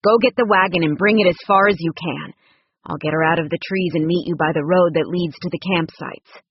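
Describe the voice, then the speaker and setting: A woman voicing a gruff, tender rancher man. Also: fairly low pitch, fairly quick, dry recording, highs cut off. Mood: urgent. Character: gruff protective male rancher, young adult.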